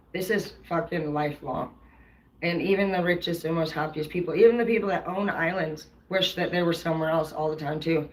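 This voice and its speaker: A woman's voice: fairly low pitch, fairly bright tone, rough recording. A woman tarot reader talking casually to her live-stream viewers in a blunt, rambling, heavily profane way.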